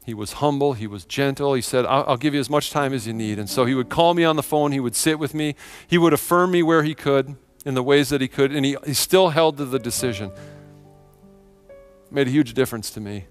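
In a church sanctuary, a middle-aged pastor preaches earnestly and emphatically to his congregation, repeating phrases for effect. His voice is medium-pitched and a little fast, with faint music behind him.

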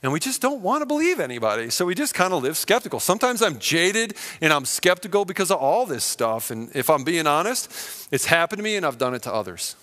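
A man's voice: a little high, very animated, fairly quick, pushed and bright. A man preaching a conversational, self-deprecating sermon and telling a story with acted-out quotes. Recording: long hall reverb.

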